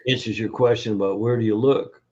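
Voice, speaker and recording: Here a functional nutrition educator appears as a guest in a laid-back video interview; his voice sits on the low side, slightly mellow, with fairly even intonation. Stumbling through lots of fillers, he narrates anecdotes and performs the quoted voices of the people involved. Audio quality is dull and lo-fi.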